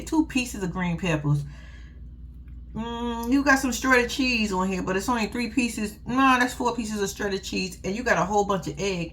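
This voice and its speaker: Sassy, lively woman recapping reality TV. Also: mid-range voice, a little hiss or hum. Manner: sassy, blunt, laughing asides, profane. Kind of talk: casual recap commentary.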